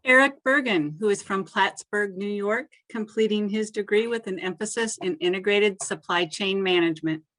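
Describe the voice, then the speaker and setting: A woman reads graduate names at a virtual ceremony in a formal, measured voice. Each name rises a little, and each line settles down at its close. Her pitch sits in an ordinary middle range. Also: a bit bright. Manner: measured, lifts each name then drops at the end. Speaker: presenter reading graduate names.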